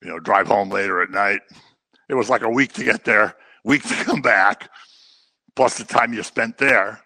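A man's voice: medium pitch, bright, forceful tone, dry recording. A man teaching through a Bible passage verse by verse, conversational and explanatory with humorous asides.

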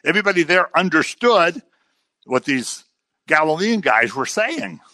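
A man preaching a sermon in a conversational, animated way, sometimes acting out the people he quotes. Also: fairly high pitch, measured pace, no room sound.

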